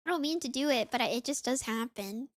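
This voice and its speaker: A woman's voice: sits high, animated, fast talker, no room sound. Young woman streamer, light Southern accent, congested, chatty, dry close sound. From US South (Florida, Mississippi). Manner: chatty, rambling, lots of "like". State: sniffly, congested. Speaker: VTuber streamer. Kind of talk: casual gaming stream chat.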